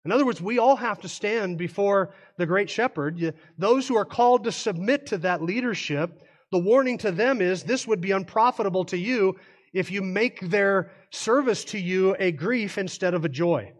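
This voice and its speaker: High-voiced man preaching a sermon. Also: normal speed. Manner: earnest, self-correcting preacher who explains terms. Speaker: pastor. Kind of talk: expository sermon.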